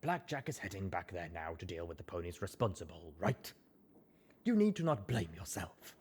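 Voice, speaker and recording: Man doing a calm, dry-voiced pony mare. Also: sits low, moderate pace, slightly rough, full character voice. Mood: soothing. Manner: calm, dry, soft-spoken. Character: tough young mare, snide but now calm and soothing. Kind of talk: audiobook character reading.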